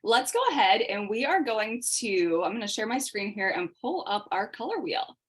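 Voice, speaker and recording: Fast-talking woman teaching a makeup class. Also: medium pitch, sing-song. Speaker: makeup instructor. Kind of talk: online class presentation.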